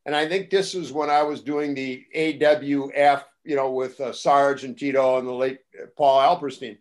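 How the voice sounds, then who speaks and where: An older man, a former wrestling broadcaster, telling casual stories on a talk show and acting out the voices of the people he quotes. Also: normal speed. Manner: animated, acts out quoted voices with rising pitch and loudness. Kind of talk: casual anecdotal storytelling.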